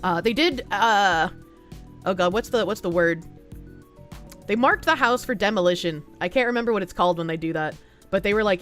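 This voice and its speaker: A woman's voice: medium pitch, expressive, normal speed, a bit bright, faint music behind. A woman streamer reading news aloud and commenting with rambling, skeptical asides, swearing casually and talking back to chat.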